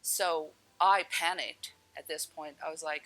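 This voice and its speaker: A woman's voice: deep voice, fairly even intonation, measured pace, bright, forceful tone, poor audio. A woman telling a personal story in a candid, blunt way, swearing now and then and laughing at herself. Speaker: storyteller recounting a near-death experience. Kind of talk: personal testimony.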